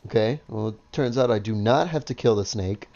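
A man playing a video game and commenting casually, excitable and swearing a lot as he talks to his viewers. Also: fairly low pitch, brisk, creaky, dull audio. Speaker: gaming video host. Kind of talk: casual let's-play commentary.

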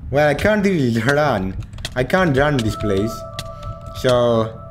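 A man's voice: medium pitch, sing-song, slow pace, music in the background. Jumpy, swearing man. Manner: jumpy, swears a lot, panicked shouting at scares. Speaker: gaming channel host. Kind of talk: horror gameplay commentary.

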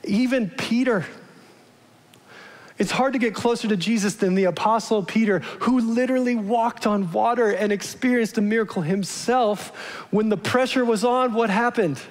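A man's voice: high-pitched, moderate pace. A male pastor giving a casual, conversational sermon, often asking his congregation questions. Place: large church. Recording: long church-hall reverb.

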